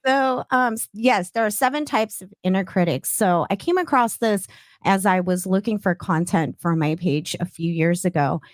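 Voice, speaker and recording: A woman's voice: mid-range voice, normal speed, no room sound, clean studio sound. A woman from the Bay Area, a clinical social worker, explaining ideas thoughtfully as a guest and often checking in with "right?". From San Francisco Bay Area. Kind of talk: casual interview.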